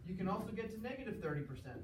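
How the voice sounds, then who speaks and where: Guy teaching a class, bit higher voice, keeps asking okay?, echoey room, mic far off. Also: background noise. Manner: explanatory, checks in with "okay?", acts out examples. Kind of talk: classroom lecture.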